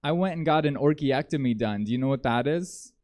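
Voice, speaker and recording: Guy doing standup on a theater stage, deadpan, rambly, lots of ums, average pitch. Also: fairly quick. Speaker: stand-up comedian. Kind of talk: stand-up comedy set.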